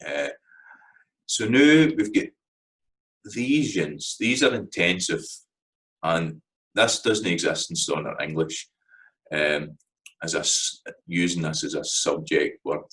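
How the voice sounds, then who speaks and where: A man with a Scottish accent giving a casual spoken lesson, relaxed and hesitant, with many fillers and restarts. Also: low voice, takes it slowly, pauses often, low-quality recording. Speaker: language teacher.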